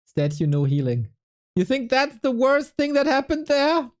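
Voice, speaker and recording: A woman's voice: sits high, sing-song, moderate pace. A woman casting a game stream, chatting casually in a laid-back, self-mocking way and laughing often. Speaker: esports caster.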